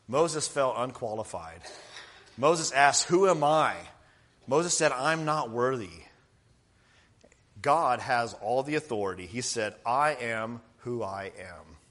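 A male minister delivering a sermon in a mid-pitched voice. He climbs in pitch and volume to stress a point, then drops low and quiet to let it land. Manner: preaching with rising emphasis and soft, low falls.

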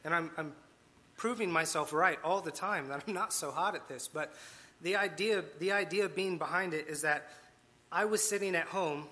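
A man's voice: a little high, normal speed, pushed and bright. A man preaching a conversational sermon with asides and self-deprecating humor. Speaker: lay preacher.

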